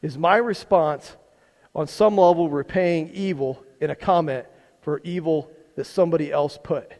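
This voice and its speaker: A man's slightly high, slightly mellow voice moves at a moderate pace as he, a pastor, delivers a conversational sermon. He keeps questioning his congregation and repeating words. It was recorded in a church sanctuary with long hall reverb.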